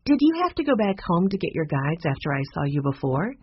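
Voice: medium pitch, very animated, brisk, breathy edge, no echo. Sensible older girl, voiced by a narrator. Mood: brisk. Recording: dull lo-fi recording.

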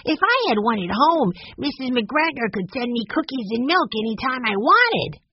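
A woman voicing an excitable little boy in a storybook reading, with high, excited exclamations. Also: normal speed, husky, dry recording, dull audio, exaggerated voice. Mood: wistful.

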